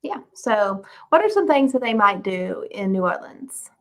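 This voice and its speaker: A woman's voice: mid-range voice, very animated, unhurried. A young woman co-hosting a casual recap chat, easygoing and agreeable. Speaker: podcast co-host.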